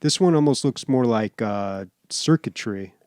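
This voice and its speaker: A man hosting a casual gaming podcast, reading out game details in a relaxed way. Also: mid-range voice, unhurried, smooth, no room sound, studio quality. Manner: relaxed, reads out game info. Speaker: podcast host. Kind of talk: casual chat.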